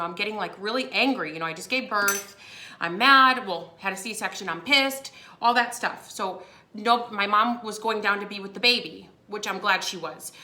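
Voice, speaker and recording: Bright chatty woman in her 30s, telling a story to her channel, lots of likes and you knows. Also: medium pitch. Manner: chatty, lively, acts out quotes with laughs. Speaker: vlogger. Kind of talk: casual storytelling to camera.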